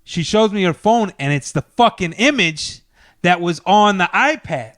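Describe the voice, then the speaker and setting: A man who works as a DJ, telling a story as a podcast guest in a casual, profane, animated way. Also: sits high, a little slow, no room sound, studio quality.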